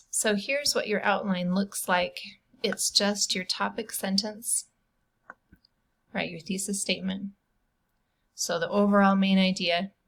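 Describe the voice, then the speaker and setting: A woman's voice: medium pitch, gravelly. A middle-aged woman teacher recording an online lesson, explaining a grammar point patiently and step by step, with casual asides.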